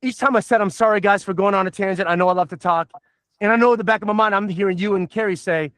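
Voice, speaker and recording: High-voiced rambling, profane middle-aged man. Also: fast, a bit bright, no echo, clean studio sound. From Southern United States. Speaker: podcast host. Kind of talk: casual podcast chat.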